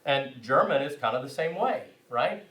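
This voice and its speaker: A man's voice: medium pitch, animated, normal speed, fairly bright tone. A man giving a language class lecture, rambling and self-deprecating, with frequent restarts. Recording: echoey room, mic far off.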